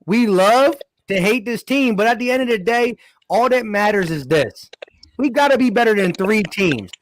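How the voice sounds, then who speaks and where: A man co-hosting a sports podcast, talking in quick, emphatic, stumbling casual chat. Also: sits high, lively intonation. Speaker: podcast co-host.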